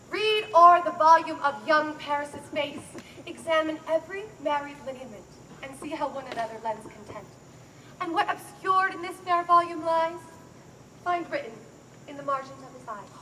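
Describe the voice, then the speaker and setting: A woman playing a formal, commanding noblewoman mother, with a measured verse delivery in outdoor Shakespeare stage acting. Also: high-pitched, sharp tone, a little hiss or hum.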